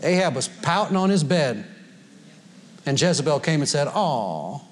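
A man's voice: fairly high pitch, moderate pace. A man preaching a sermon to a congregation in a folksy way, laughing often and quoting scripture. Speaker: pastor. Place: church sanctuary before a congregation.

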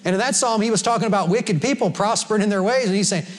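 A man's voice: sits high, fast talker. A man preaching a sermon to a congregation in a folksy way, laughing often and quoting scripture. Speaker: pastor. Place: church sanctuary before a congregation.

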